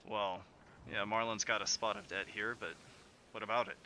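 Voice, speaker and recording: A man's voice: lowish voice, little pitch movement, moderate pace, sharp tone, slight background noise. A man voicing a jovial male sailor in a tabletop game, hearty and easygoing. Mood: friendly. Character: jovial adult male sailor, friendly deckhand.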